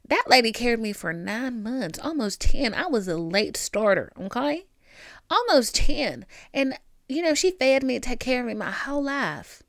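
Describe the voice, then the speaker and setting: A woman with a Southern country accent hosts a podcast, offering candid advice in an animated, sassy style with lots of emphatic repetition. Her voice is a little high, the pace moderate, with no room sound.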